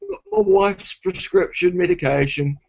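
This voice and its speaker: Ranting husky New man. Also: sits high, huge pitch swings, moderate pace, a little mellow. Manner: ranting, heavy swearing, argumentative. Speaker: guest telling a story. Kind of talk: casual storytelling. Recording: dull lo-fi recording.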